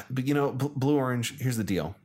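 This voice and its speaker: American man, co-host, chatty and excitable, mid-pitched voice. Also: husky. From United States. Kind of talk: casual chat.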